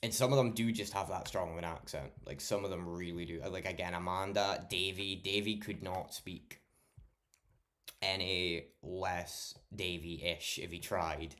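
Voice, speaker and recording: Scottish guy rambling on stream, really deep voice, swears a lot. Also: fairly even intonation, unhurried, a bit bright. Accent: Scottish, mild. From Scotland. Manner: rambling, sweary, laid-back. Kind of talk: casual chat.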